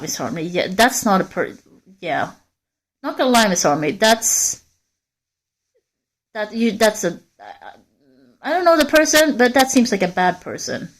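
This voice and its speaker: A woman's voice: mid-range voice, big pitch swings, normal speed, pauses often. A woman livestreamer walking in a forest, talking candidly and rambling straight to her viewers in casual chat. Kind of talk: casual live-stream chat.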